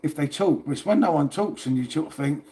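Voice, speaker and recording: Man, livestream host, rambling casual chat, swears, a touch high-pitched. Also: animated, a little fast, warm tone, slight background noise.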